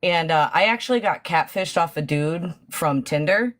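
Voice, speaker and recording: A woman guest on a live panel telling a dating story in a relaxed, lighthearted way. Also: sits low, normal speed. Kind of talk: casual storytelling on a live stream.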